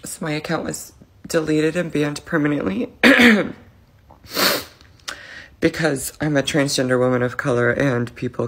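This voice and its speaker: A woman's voice: a bass voice, slightly rough. A woman talking to camera about her account being banned, earnest and upset. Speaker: content creator. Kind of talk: casual talk to camera.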